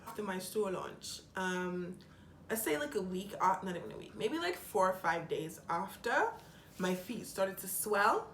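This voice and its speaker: A young woman vlogging about her own experience, chatty and a bit dramatic, acting out what people said to her. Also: medium pitch. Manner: chatty, dramatic, quick retellings with lively quoted voices. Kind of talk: personal storytelling vlog. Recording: roomy echo with faint background hum.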